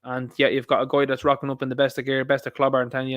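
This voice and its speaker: A man's voice: medium pitch, completely flat delivery, racing, no echo, muffled recording. An Irish man hosting an online commentary show, rambling and opinionated as he reacts to posts and talks straight to his viewers.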